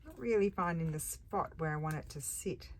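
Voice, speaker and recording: A crafting vlogger whose voice sits low, with a moderate pace and a darkish tone, muses through a laid-back session at her table, catching and correcting herself. Clear background noise and crafting clicks come through in the recording.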